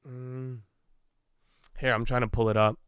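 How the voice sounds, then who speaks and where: A man's voice: medium pitch, flat delivery, a little slow, clean tone, dry recording, lo-fi sound. A young man hosting a casual livestream, talking animatedly, swearing freely and acting out his own inner dialogue. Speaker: livestream host.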